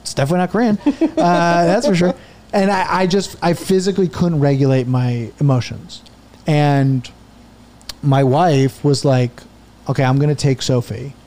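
A man's voice: a little high, fairly even intonation, normal speed, a little mellow. A man in his thirties, a podcast guest, telling a rambling, profane story in casual chat.

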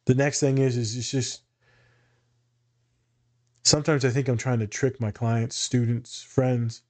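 A man in casual podcast conversation, with a mid-pitched voice that he jumps high and animated when telling stories. His talk is loose and profane and breaks into laughter often. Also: a little slow. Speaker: co-host.

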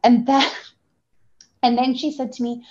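A woman's voice: on the high side, slow pace. Woman, 30s, candid guest storyteller, filler-heavy and profane, slightly dull lo-fi sound. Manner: animated, profane, full of fillers. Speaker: guest journalist.

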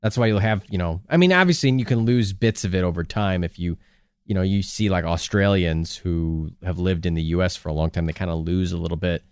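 A man co-hosting a podcast in casual chat, animated and swearing often, with jokey put-on voices. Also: deep voice, brisk, smooth, no room sound, clean studio sound. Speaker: podcast co-host.

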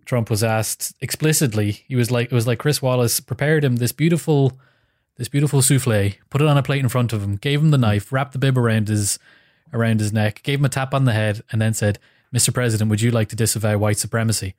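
A man's voice: mid-range voice, fairly even intonation, fast talker, a little mellow, no room sound, clean studio sound. A man co-hosting a podcast, talking politics in a wry, storytelling way. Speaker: podcast co-host. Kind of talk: casual political chat.

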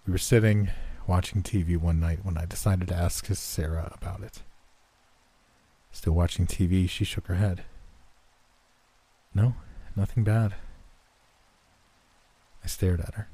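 A man narrating a first-person horror story in a steady, measured, subdued way. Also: sits low, slightly rough.

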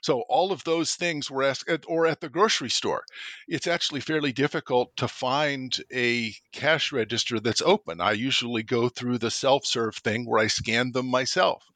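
An older man with a bright, forceful voice makes his case in a relaxed interview, thoughtful and emphatic, often repeating a word as he starts a sentence. The sound is dry and close, with no room around him. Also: mid-range voice, normal speed, no room sound. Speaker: author and professor, interview guest. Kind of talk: conversational interview.

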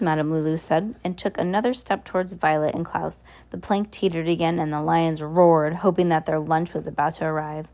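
A woman reading a children's novel aloud as an amateur audiobook, halting at times and going back over words, with lifted voices for the characters. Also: flat delivery, a little mellow. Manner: halting, with restarts and asides; raises pitch for dialogue voices. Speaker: reader.

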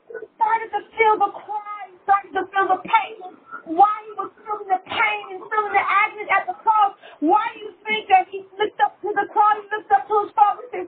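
High-voiced woman preaching over a tinny line. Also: steady tone, a little fast. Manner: impassioned, emotional preaching. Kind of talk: sermon. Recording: tinny phone-like line with faint hiss.

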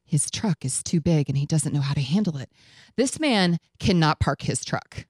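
Eine Frau, Moderatorin einer Radiosendung, die locker und lebhaft eine persönliche Geschichte erzählt und Zitate mit Lachen nachspielt. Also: female voice, deep voice, normal speed, slightly rough, no room sound. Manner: animated, acts out quotes with laughs. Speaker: radio show host. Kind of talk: casual storytelling chat.

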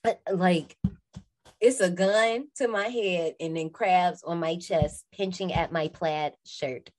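Woman, twenties, podcast co-host, casual slangy recap, laughs often, lowish voice. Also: takes it slowly, slight background noise. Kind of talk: casual movie recap chat.

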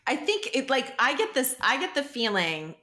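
A woman's voice: high voice, huge pitch swings, normal speed, pushed and bright. A woman co-hosting a podcast in casual chat, gushing and emotional, laughing often. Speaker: podcast co-host.

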